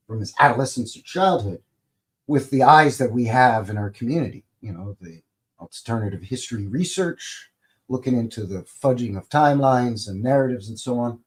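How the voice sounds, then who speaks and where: A middle-aged man from Canada hosting a live stream, chatting casually in a rambling, folksy way. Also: mid-range voice. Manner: rambling and folksy, many fillers and restarts.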